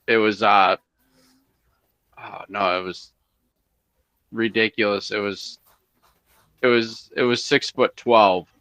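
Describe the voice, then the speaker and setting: A man in casual chat with friends, talking haltingly and correcting himself as he goes. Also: lowish voice, fairly even intonation, sharp tone, smooth, no room sound. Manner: halting, backtracks mid-sentence.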